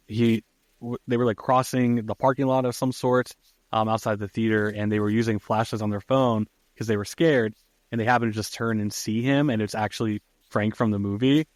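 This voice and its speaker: A man with a fairly low voice hosts a podcast and walks through a film scene by scene in a relaxed, chatty way. His talk is loose and full of ums and uhs. The sound is close and dry, with no room around it. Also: dry recording. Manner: laid-back, lots of fillers like um and uh. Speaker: podcast host. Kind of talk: casual film recap chat.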